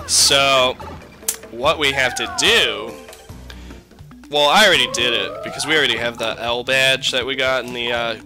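A young man giving casual, rambling gameplay commentary, joking and swearing. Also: medium pitch. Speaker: let's play host.

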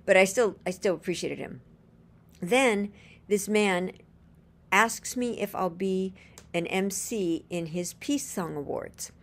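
A woman recounts a personal story with an earnest, gushing warmth in her words, linking one event to the next with "and then." Her voice sits at an ordinary middle pitch with a noticeable gravelly fry running through it. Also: takes it slowly. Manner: rambling, chains events with "and then". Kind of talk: casual spoken storytelling.

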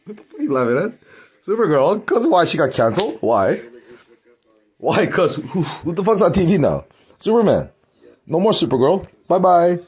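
A man talks in a loose, rambling vlog, excitable and quick to swear, often breaking into laughter. His voice sits high and leaps around in pitch. It has a husky grain.

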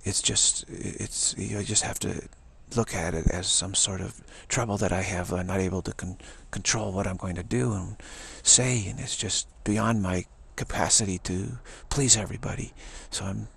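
A man quoting an apologetic, self-effacing woman spiritual teacher in soft, pleading tones. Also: low-pitched, steady tone, normal speed, creaky, few pauses, breathy edge, full character voice.

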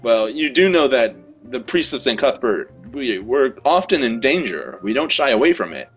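Lively man playing a priest character. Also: mid-range voice, normal speed, soft background music. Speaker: player. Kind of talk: playing a character in a tabletop game.

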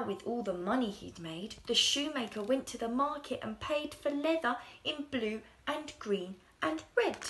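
A high, animated woman telling a children's story in a slow, sing-song manner. Her voice swoops up and down, and she sometimes drops into a hush. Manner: expressive, sing-song, with soft whispered passages.

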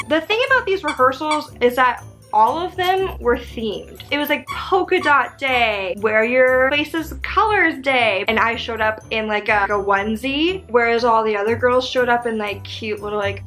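A young woman tells a story straight to camera in a chatty, frank way. She swears freely and fills her talk with "like". Her voice sits a little high, with faint music in the background. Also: fairly bright tone. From Canada. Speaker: vlogger. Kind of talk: casual storytime monologue.

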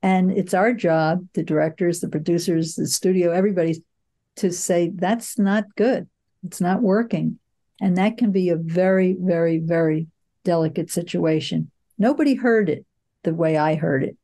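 Mellow-voiced older woman telling film stories. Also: lowish voice, moderate pace. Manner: reflective, storytelling with frequent fillers. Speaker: film producer, guest. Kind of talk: conversational interview.

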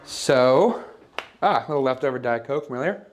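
Over a little hiss or hum, a medium-pitched, animated man speaks at a moderate pace in a voice close to everyday. He plays a smug, oblivious rich young man in an improvised home-tour parody, rambling, boasting, and mock-sentimental as he walks through his loft.

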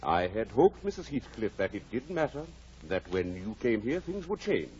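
An actor playing a blunt but caring older country doctor in a 1940s radio drama, wry and then gravely earnest. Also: male voice, on the low side, big pitch swings, moderate pace, a little mellow. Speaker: Doctor Kenneth. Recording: dull, faintly hissy 1940s radio broadcast.

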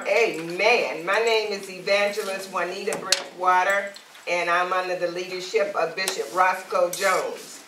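A woman's voice: mid-range voice, fairly bright tone, a little hiss or hum. A woman evangelist from Alabama, preaching and praying while calling out to the congregation. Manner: calls out to the congregation, rising and emphatic. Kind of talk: sermon and prayer. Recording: roomy and distant from the mic.

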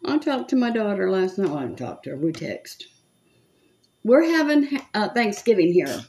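A makeup vlogger in her seventies chats with viewers at a normal speed as she does her makeup on camera, muttering to herself at times. Her mid-range voice is very animated, with a darkish tone.

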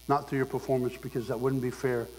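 A man's voice: mid-range voice, little pitch movement, fast talker, a little mellow. A male preacher delivering a sermon, emphatic and exhorting his congregation. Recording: long hall reverb with faint mains hum.

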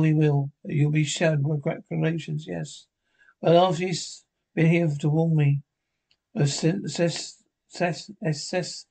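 A man's voice: on the high side, gravelly, mellow, husky. A man reading out a TV episode script, voicing all the parts himself, often stumbling and restarting words.

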